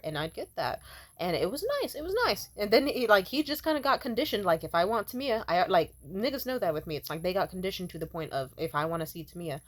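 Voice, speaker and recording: A woman's voice: medium pitch, expressive, a little fast. A young woman vlogging to camera, telling a story casually in a brash, profane way, breaking into laughter often.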